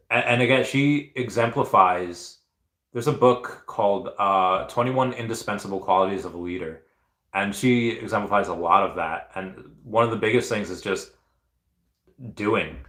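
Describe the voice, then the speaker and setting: A man with a fairly low voice hosts a casual livestream, chatting through viewer comments. He rambles enthusiastically and stops and restarts often. His voice rings out in a roomy, echoey space. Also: fairly bright tone. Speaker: livestream host. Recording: roomy echo.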